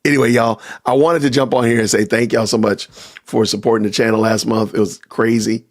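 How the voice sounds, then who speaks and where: A man hosting a casual livestream podcast, reacting out loud and talking to his viewers as "y'all". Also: mid-range voice, little pitch movement, brisk. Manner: talks to chat with y'all, reacting loudly. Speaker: podcast host.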